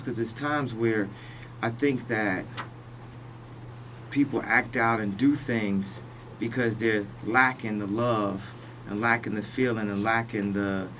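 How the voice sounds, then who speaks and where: A man speaking as a radio interview guest, talking in slow, halting phrases that he often restarts. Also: medium pitch, fairly bright tone, recorded from a distance, a little hiss or hum, rough recording.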